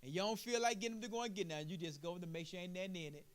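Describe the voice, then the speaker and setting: A male preacher giving a sermon in a call-and-response style, asking "what?" and answering himself, building from quiet explaining to loud preaching. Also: sits high, racing.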